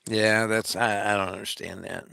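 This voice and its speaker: A man co-hosting a casual talk stream, halting and joking, often repeating words. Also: lowish voice, flat delivery, creaky, over a noisy crowd. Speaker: co-host. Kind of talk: casual chat.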